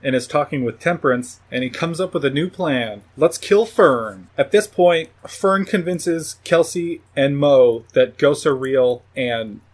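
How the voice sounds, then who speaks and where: On his film review podcast, a man recaps a movie's plot in a casual, profane way, occasionally imitating characters in a higher voice. He speaks unhurriedly with hardly any pauses and a darkish tone.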